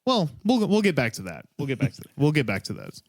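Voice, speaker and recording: A man co-hosting a comedic true-crime podcast, sardonic and profane as he tells a dark story and mock-scolds the audience. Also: medium pitch, huge pitch swings, fast talker, no echo, studio quality. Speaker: podcast co-host telling the story.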